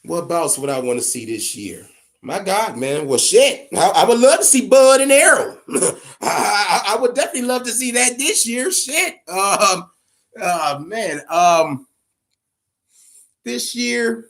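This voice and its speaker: A man rambles through his boxing opinions in a loose, profane way, hammering his points home by saying them again. His voice sits a little higher than most men's. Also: expressive, measured pace, fairly bright tone. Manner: profane, emphatic, repeats himself. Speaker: boxing podcast host. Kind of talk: casual opinionated commentary.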